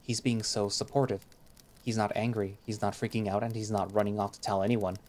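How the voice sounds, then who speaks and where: A man reads a visual novel aloud in the first person, reflective and conversational. His voice sits fairly low. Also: little pitch movement, a little fast, a little mellow.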